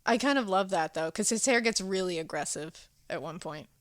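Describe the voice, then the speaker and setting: A woman co-hosting a podcast in casual chat, telling the story with animated voices and frequent laughs. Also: medium pitch, fairly quick, no echo, studio quality. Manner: animated storytelling, acts out characters, laughs often. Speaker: podcast co-host.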